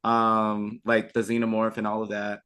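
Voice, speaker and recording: A man's voice: on the low side, completely flat delivery, normal speed, fairly bright tone, smooth. A young adult man chatting as a podcast guest, enthusiastic, with frequent fillers and restarts. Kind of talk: casual chat.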